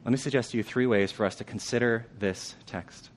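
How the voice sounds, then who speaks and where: A man preaching a sermon in a conversational way, asking the congregation questions and dropping to a hushed tone for weighty lines. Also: mid-range voice, steady tone, brisk, a little hiss or hum.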